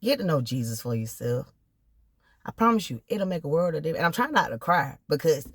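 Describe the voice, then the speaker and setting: A woman's voice: on the low side, big pitch swings, brisk, a bit bright, slightly rough, no room sound, clean studio sound. Earnest woman talking from her car. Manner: heartfelt, direct, preacherly encouragement. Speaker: vlogger sharing personal testimony. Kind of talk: earnest personal testimony. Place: inside a parked car.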